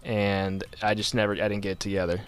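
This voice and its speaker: A man's voice: fairly low pitch, flat delivery, fast. A man hosting a podcast, chatting casually and telling rambling stories with frequent self-corrections. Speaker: podcast host. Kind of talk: casual chat.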